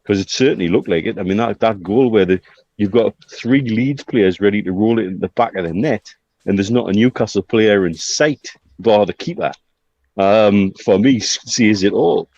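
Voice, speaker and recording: Bloke chatting football, lowish voice, lots of ums, dull dry lo-fi sound. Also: male voice, a little mellow, no echo. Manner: measured, hesitant with many fillers. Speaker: podcast co-host. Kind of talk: casual football chat.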